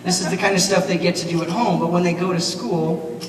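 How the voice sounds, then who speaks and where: Man, banquet keynote, animated, quizzes the audience, long hall reverb, noisy room. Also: high-pitched, fairly quick. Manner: animated, asks the audience questions. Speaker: keynote speaker, teacher. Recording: echoey hall, mic from far off, noisy.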